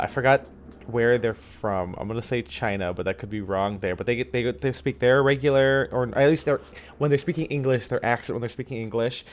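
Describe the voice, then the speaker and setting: A man co-hosting a podcast in casual chat, rambling and animated, dropping quick asides and quoting movie lines. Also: medium pitch, a little hiss or hum. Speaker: podcast co-host.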